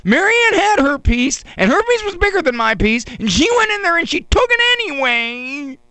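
A sensitive young boy whines and grovels, his voice quivering as he begs, a man acting him out. The pitch climbs high and swings widely between phrases. The sound is close and dry. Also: wildly swooping pitch, slow pace, no echo, full character voice. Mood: pleading. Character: whiny, pleading young boy.

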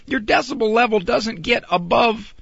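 A middle-aged man and parent, talking about raising kids in a casual, animated monologue with a husky voice. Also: extremely high pitch, moderate pace, dry recording, highs cut off. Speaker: parenting speaker.

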